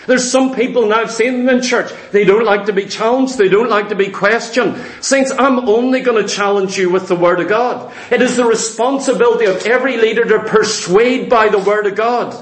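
Man, preacher, emphatic sermon, high-pitched voice, reverberant church hall. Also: brisk, few pauses. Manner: earnest, emphatic, addresses congregation as saints.

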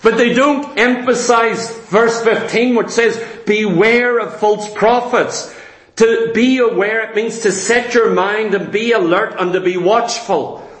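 A preacher delivers a sermon in a high voice, unhurried and deliberate. He drives his points home by asking rhetorical questions and answering them himself, and his words echo through a roomy church hall.

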